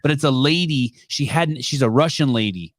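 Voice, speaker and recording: A man hosts a live call-in show, talking bluntly and swearing freely as he rambles. His voice sits at an ordinary middle pitch. It is recorded dry and close, with no room sound. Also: moderate pace, dry recording. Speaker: podcast host taking calls.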